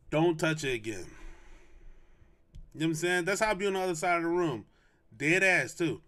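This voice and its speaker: A young adult man hosting a podcast, telling a casual story in a slangy, animated way and repeating lines for emphasis. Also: fairly high pitch, a little fast. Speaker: podcast host.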